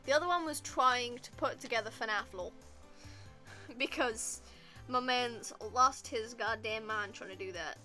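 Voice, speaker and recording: A woman's voice: a little high, a little slow, sharp tone, soft background music. A young woman streamer chatting casually and rambling with lots of fillers while playing a game. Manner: rambling, filler-heavy, giggly. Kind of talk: casual gameplay chat.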